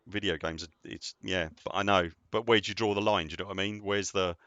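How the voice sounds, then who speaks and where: Very deep-voiced man streaming. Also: steady tone, brisk, a bit bright, dry recording, lo-fi sound. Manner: chatty, rambling, answers viewer comments. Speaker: game streamer. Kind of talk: casual live-stream chat.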